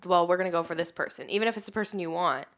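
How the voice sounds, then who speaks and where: A woman's voice: fairly low pitch, racing. Chatty woman podcast co-host. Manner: lively, many "like" fillers, acts out reactions. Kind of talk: casual recap chat.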